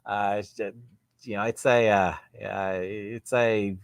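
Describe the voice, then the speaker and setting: A man's voice: on the low side, steady tone, slow pace, clean tone, no echo, dull audio. A man hosting a live show, chatting casually and reading viewer comments in a rambling, self-deprecating way with frequent laughs. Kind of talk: casual live-stream chat.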